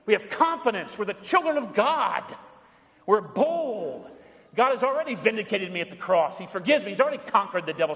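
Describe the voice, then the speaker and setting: A middle-aged pastor delivers a sermon full of lively storytelling, swinging between bold and hushed delivery. His voice is high and brisk, and a long hall reverb trails it.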